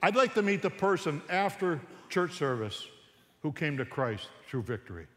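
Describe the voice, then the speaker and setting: A man with a somewhat high-pitched voice gives a humorous talk on Christian parenting. He is an animated storyteller who slips into the voices of parents and kids. His words carry a long reverb, as if from a large hall. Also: normal speed.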